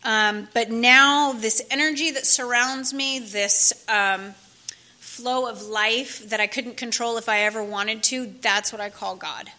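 A woman's voice: fairly high pitch, fairly even intonation, unhurried, sharp tone. A woman telling her personal recovery story to a group, conversational, with many fillers and restarts. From California. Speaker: speaker sharing recovery story.

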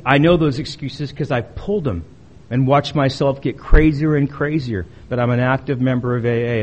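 A man's voice: medium pitch, dull audio. Blunt, wry man telling his recovery story. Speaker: speaker at a recovery meeting. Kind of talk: personal testimony talk.

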